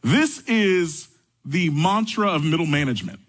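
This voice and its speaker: Husky animated male preacher. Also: a little slow, low-quality recording. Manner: animated storytelling, rising high when excited. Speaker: pastor. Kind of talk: sermon.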